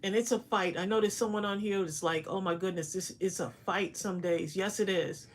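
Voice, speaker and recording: A woman co-hosting a live craft stream speaks straight to her viewers. She is encouraging and affirming, in a mid-pitched voice. The chat is casual. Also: steady tone, a little fast.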